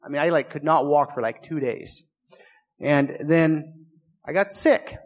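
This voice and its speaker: A man's voice: fairly high pitch, measured pace, in a large hall, low-quality recording. A man preaching a sermon as pastor of a small church, earnest and confessional, often repeating himself, just getting over being sick. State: recovering from illness.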